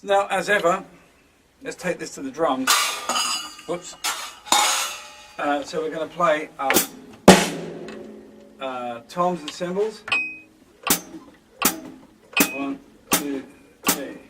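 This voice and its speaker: Male drum tutor talking through exercises, hesitant and halting, recorded at a distance over drums. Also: fairly high pitch, loud music behind the voice. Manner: hesitant, many fillers and restarts. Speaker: drum teacher. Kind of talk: instructional drum lesson, counting beats aloud. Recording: distant mic with loud drums and metronome.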